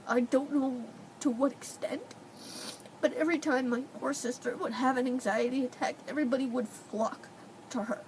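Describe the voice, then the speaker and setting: A woman's voice: sits high, fairly even intonation, normal speed, a little hiss or hum, low-quality recording. A young woman vlogging at home, crying and sniffling as she talks in a tearful, pleading way. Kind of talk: emotional personal vlog. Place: indoors at home.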